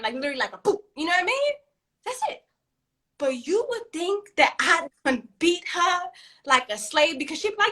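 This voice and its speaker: Animated New York mom, bright voice. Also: female voice, very high voice, normal speed. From East New York, Brooklyn. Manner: animated, swearing, acting out scenes with laughs. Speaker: podcast co-host. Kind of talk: casual chat.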